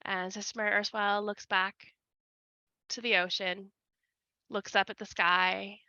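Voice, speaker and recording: A woman player narrating a scene in a tabletop game, slow and deliberate. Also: medium pitch, flat delivery, sharp tone, no echo. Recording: dull lo-fi recording.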